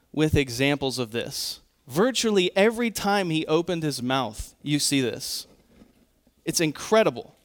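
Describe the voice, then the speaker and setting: A male pastor with a slightly high voice preaches earnestly and emphatically. He quotes scripture often and pauses to correct himself.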